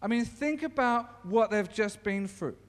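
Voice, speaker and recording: Man, preacher, informal sermon, chatty storytelling, high voice, long echoing reverb. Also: expressive, a little slow. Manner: conversational storytelling with many restarts.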